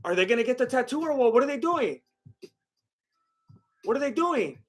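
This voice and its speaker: A man's voice: very high voice, big pitch swings, normal speed. A man doing live-stream reaction commentary, reading chat aloud and talking straight to his viewers with many restarts. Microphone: laptop setup.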